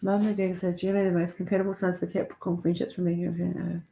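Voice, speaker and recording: A woman's voice: lowish voice, little pitch movement, fast talker, creaky, mellow, slight background noise. A middle-aged woman hosting a casual livestream, chatting affectionately with viewers and laughing often. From Australia or New Zealand. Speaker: livestream host. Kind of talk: casual live chat with viewers.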